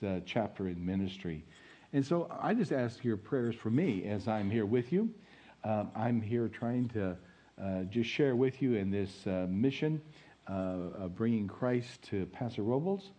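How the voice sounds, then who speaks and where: A middle-aged interim pastor with a lowish, warm voice delivers an informal, chatty sermon. He's folksy, packs in plenty of fillers and stories, and chuckles at his own tales.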